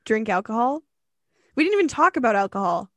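A woman's voice: on the high side, fairly quick, no echo. Young woman host telling a story, laughing often. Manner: laughing, swearing, animated retelling. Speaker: podcast co-host. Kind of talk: casual storytelling chat.

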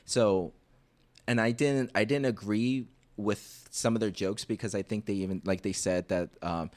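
A young man chatting casually, rambling through animated story retellings. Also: lowish voice, normal speed. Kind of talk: casual chat.

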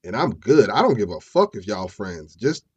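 A man's voice: lowish voice, sing-song, normal speed, slightly rough, muffled recording. A man voicing a fed-up young woman who scolds in blunt, profane slang. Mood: angry scolding.

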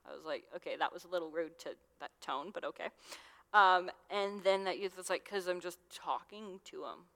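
A woman's voice: lowish voice, fairly bright tone. A young adult woman giving a casual, conversational sermon as a youth minister, with lots of fillers. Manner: chatty, conversational, with many fillers. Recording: long hall reverb.

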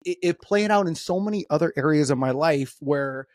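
A man's voice: a little high, fairly quick, darkish tone, no room sound. A man hosting a podcast in casual conversation, laid-back and swearing freely, with lots of fillers. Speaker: podcast host. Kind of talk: casual interview chat.

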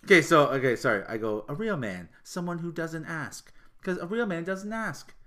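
Animated, ranting man with a bright voice. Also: fairly high pitch, normal speed. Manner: animated, profane ranting with laughter. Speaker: podcast co-host. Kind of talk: casual chat.

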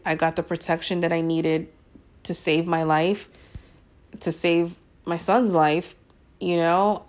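A woman in her thirties telling her own story to her listeners in a blunt, frank way, swearing freely and using lots of fillers. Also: on the low side. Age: 30s. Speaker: podcast host.

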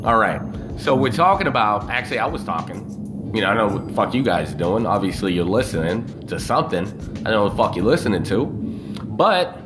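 A man's voice: fairly low pitch, sing-song, a little fast, music in the background. A man talking casually on a live video, rambling and swearing freely as he tells a story. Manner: profane, loose and rambling.

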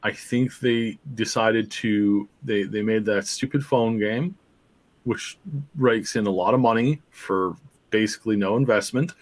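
A man's voice: on the low side, measured pace. A man co-hosting a gaming podcast, talking animatedly and building out a theory in casual chat. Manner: animated, talks himself into theories. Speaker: podcast co-host.

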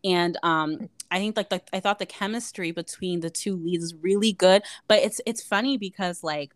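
Woman podcast co-host, lowish voice, dry close sound, casual chat that gushes and leans on "like" fillers. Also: moderate pace, no echo. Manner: chatty and gushing, heavy use of "like".

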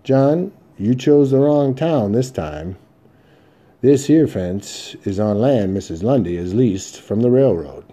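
A man doing a slow-drawling old gunfighter. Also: mid-range voice, lively intonation, dark tone. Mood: easy. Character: veteran gunfighter, grown man, easygoing and sure.

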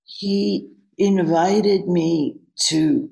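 A woman's voice: on the low side, fairly even intonation, extremely slow, vocal fry, warm tone. A woman, a yoga teacher, telling a candid personal story as an interview guest. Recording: roomy echo.

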